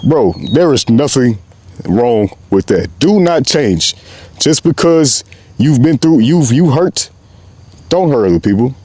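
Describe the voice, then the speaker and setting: A man's voice: medium pitch, expressive, a little slow, mellow. A young man hosting his own show, talking passionately in a loose, rambling way with lots of slang, outdoors. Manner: passionate, rambling, slangy, often says "bro". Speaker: podcast host. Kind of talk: unscripted heartfelt monologue.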